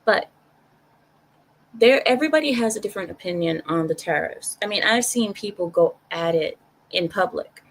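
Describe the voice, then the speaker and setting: A woman giving her opinions on a casual live stream, talking straight to her chat in an animated way and repeating phrases for emphasis. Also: medium pitch, moderate pace, a little hiss or hum, low-quality recording.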